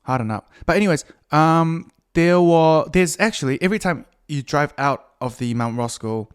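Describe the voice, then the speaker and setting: A man's voice: fairly high pitch, lively intonation, normal speed, clean tone. A man rambles through a solo podcast episode. He is crude and self-mocking, breaking off mid-thought and circling back with fillers. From New Zealand. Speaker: podcast host.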